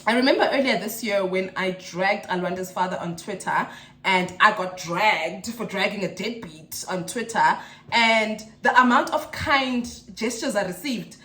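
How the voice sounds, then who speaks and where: A woman's voice: a little high, a bit bright, echoey room. A South African woman in her thirties, a mother vlogging in a chatty, emotional, rambling way. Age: 30s. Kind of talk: casual chat to camera.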